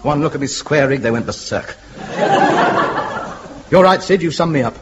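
A man's voice: fairly high pitch, animated, normal speed, noisy background, natural voice. An actor playing a pompous, self-important man who boasts in a mock-grand way, in a 1950s-style radio comedy. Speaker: sitcom lead. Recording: dull old radio broadcast, loud audience laughter.

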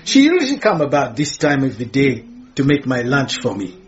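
A performer voicing a gentle, timid middle-aged man who speaks hesitantly and softly. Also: mid-range voice, huge pitch swings, moderate pace. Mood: mild. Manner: hesitant, pleading, soft-spoken. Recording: dull lo-fi radio recording.

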